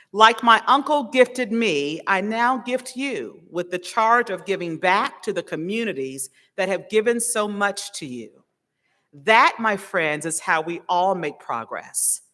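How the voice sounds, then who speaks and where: Woman, college official at a podium, very slow bright delivery, echoing hall. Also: on the low side. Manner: slow, deliberate address. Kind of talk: commencement speech. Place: large hall. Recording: echoey hall PA recording.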